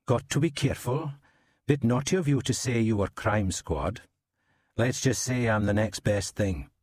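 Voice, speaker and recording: A man's voice: medium pitch, normal speed, a little mellow, dry recording, voice pushed up, lightly acted. A man doing a dry Welsh inspector. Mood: wary. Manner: dry, teasing, wary. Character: Welsh male police inspector, sardonic and guarded.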